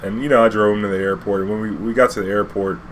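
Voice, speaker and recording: A man's voice: on the low side, steady tone, rapid-fire, slight background noise. A man, a cab driver telling a casual, rambling anecdote full of fillers and swearing.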